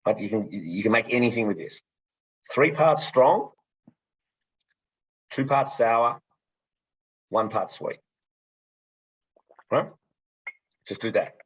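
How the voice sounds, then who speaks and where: A man's voice: on the low side, animated, slow pace, long pauses, breathy edge. A man presenting a gin tasting with energy, stumbling over repeated words as he goes. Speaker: distillery co-founder presenting a tasting. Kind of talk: enthusiastic casual presenting. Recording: muffled, slightly lo-fi sound.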